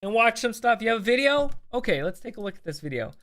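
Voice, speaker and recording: Young streamer, casual live chat, animated voice with big pitch swings, cusses a lot, rambling. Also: quick pace. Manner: chatty and animated, swears, many fillers and restarts. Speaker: streamer host.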